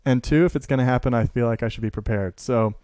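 A man from the Seattle area who works as a teacher and maker, chatting casually in an interview, telling lively stories that he acts out, with frequent laughter. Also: mid-range voice, fast, no room sound, clean studio sound. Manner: animated storyteller, laughs often, acts out quotes.

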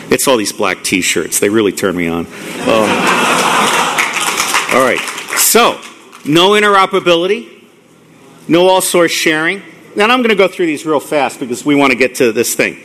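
Middle-aged guy ranting at a crowd, kinda high voice, swears a lot, gets all worked up. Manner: blunt, profane, excitable ranting. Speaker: conference speaker. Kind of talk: live lecture to an audience.

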